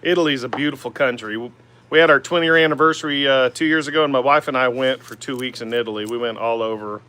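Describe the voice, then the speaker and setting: Here the Oklahoma-accented woodturner, a man in his forties, talks quickly in a mid-range voice that's sharp yet smooth. Standing at the lathe in his home shop, he hosts a casual livestream, answering viewers in an easygoing, rambling manner peppered with "man" and "uh."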